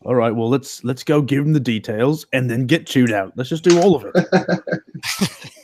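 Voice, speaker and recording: A man's voice: medium pitch, measured pace, darkish tone, slight background noise. Give me an easygoing, joking man with a mid-range voice playing a tabletop game. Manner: easygoing, joking, trailing off in thought. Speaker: player. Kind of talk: casual tabletop play.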